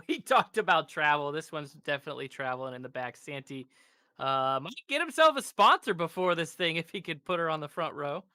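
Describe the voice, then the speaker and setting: A male race commentator with a slightly high, bright and crisp voice, full of enthusiasm. He laughs often and stumbles into his sentences before landing them. The sound is dry and close to the mic. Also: sing-song, brisk, no echo.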